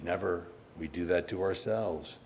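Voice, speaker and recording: A man's voice: low voice, measured pace, slight background noise. Man preaching a casual sermon. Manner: conversational preaching with sudden animated outbursts. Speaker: pastor.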